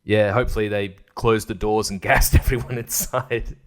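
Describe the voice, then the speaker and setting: A man's voice: lowish voice, fairly even intonation, moderate pace. A man hosting a podcast, ranting in a rambling, crude, comedic way and laughing at his own jokes. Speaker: podcast host. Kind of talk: casual comedic rant.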